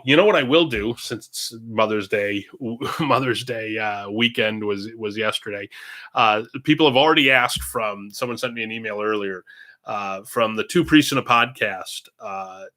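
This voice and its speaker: A man's voice: medium pitch, pushed and bright. A man, a parish priest, hosting a casual livestream Q&A from a room at home, talking in a chatty, meandering way. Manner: chatty and meandering, drifting between topics. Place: indoors at home, own room. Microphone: computer streaming setup.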